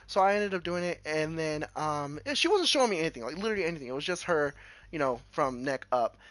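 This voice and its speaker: A man streamer telling a story casually, animated and laughing, with lots of restarts. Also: fairly high pitch, fast, no echo.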